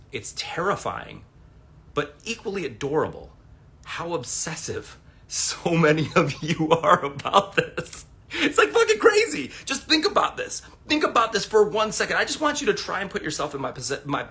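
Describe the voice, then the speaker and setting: A man in his forties talking to viewers on a phone livestream from home, rambling and swearing as he tells stories. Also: mid-range voice. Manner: rambling, profane, animated storytelling. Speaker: livestream host. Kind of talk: casual livestream monologue.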